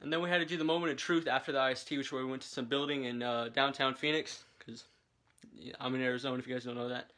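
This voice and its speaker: A young adult man, a vlogger and military recruit, films himself on a handheld camera in his bedroom, rambling and chatty with lots of fillers. His mid-range voice is level and sharp, and he talks fast.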